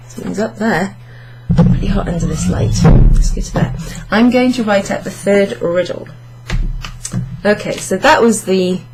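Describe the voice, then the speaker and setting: Slow, gravelly-voiced woman teaching French. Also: mid-range voice, heavy background noise. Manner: explains step by step, corrects herself aloud. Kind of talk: online language lesson. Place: indoors under a hot studio light. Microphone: camera facing her.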